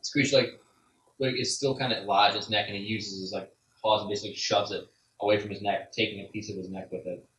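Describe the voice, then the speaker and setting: A man's voice: lowish voice, steady tone, brisk, fairly bright tone, a little hiss or hum. A man narrating as game master in a casual, rambling way, full of "like"s, recorded in an echoey room from a distance. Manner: casual, filler-heavy narration with many "like"s.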